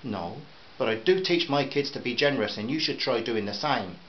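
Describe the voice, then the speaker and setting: A man voicing a shy, kind young father who speaks softly and apologetically. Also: medium pitch, moderate pace, highs cut off, slight background noise, close to an everyday voice. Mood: defensive. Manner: soft, apologetic.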